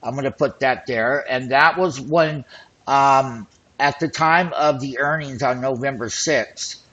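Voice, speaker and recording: A man hosting an options trading show, talking excitedly and boastfully as he walks through call and put charts. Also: medium pitch, unhurried, muffled recording. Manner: excited, boastful, hype-driven patter. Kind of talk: screen-share trading commentary.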